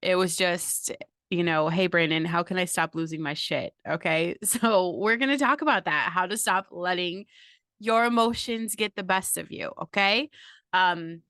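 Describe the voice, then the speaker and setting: A woman's voice: lowish voice, moderate pace, bright, forceful tone, clear, resonant tone, dry recording, clean studio sound. A middle-aged woman hosting her own podcast, talking casually and bluntly with plenty of swearing and fillers. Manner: blunt and profane, chatty with many fillers. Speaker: podcast host. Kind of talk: casual motivational monologue.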